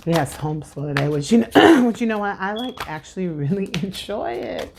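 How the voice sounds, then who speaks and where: A woman's voice: mid-range voice, big pitch swings, fairly quick, gravelly, background noise. A woman in her thirties giving a casual tarot reading at home, chatty and preachy with lots of fillers. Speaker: tarot reader.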